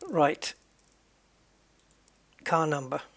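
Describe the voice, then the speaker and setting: Guy chatting on his stream, bit gravelly and husky, thinks out loud to chat. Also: a little high. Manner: musing aloud, chatty, jokey asides to viewers. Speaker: game streamer. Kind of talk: casual live-stream chat.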